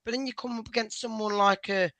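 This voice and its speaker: A man's voice: high-pitched, fairly even intonation, fast, fairly bright tone, no echo, poor audio. A man talking football casually on a fan show, hesitant and restarting his sentences.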